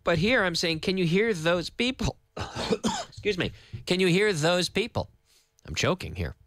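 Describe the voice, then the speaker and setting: Animated Canadian male English teacher. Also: sits high, no echo, clean studio sound. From Canada (Nova Scotia). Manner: patient, repeats words slowly for learners. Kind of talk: live radio English lesson. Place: radio studio. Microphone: studio microphone.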